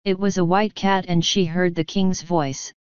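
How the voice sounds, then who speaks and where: Low, smooth-voiced woman narrating a book. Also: fairly even intonation, a little slow, no room sound. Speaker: audiobook narrator. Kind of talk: audiobook narration. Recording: dull lo-fi audiobook recording.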